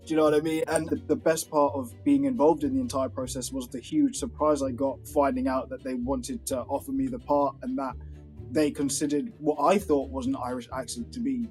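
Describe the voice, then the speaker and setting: A male actor telling a relaxed, self-deprecating story in a cast interview. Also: mid-range voice, a little fast, faint music behind. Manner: laid-back, self-deprecating, laughing.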